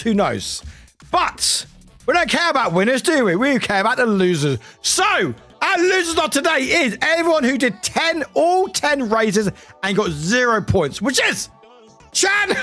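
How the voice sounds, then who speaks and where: Lively high-voiced British male streamer. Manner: chatty, swears a lot, laughs often. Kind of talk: casual live-stream chat.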